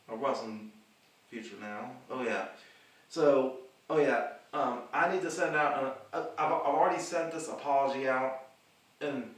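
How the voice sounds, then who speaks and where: Rambling man in an echoey room. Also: medium pitch. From the Carolinas. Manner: rambling, repeats words and restarts often. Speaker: independent wrestler and vlog host. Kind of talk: casual rambling monologue. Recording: echoey room, mic at a distance.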